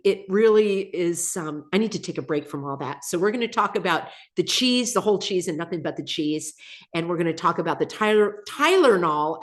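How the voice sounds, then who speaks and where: A woman hosting a live stream, chatting casually, laughing often and reading viewer comments aloud, slightly under the weather. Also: mid-range voice. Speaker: channel host.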